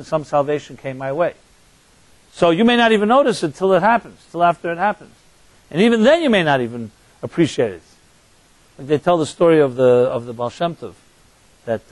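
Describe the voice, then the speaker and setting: A man's voice: mid-range voice, no room sound, low-quality recording. A man, a rabbi, giving a sermon in a conversational storytelling manner with restarts and asides to his listeners. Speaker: rabbi and teacher.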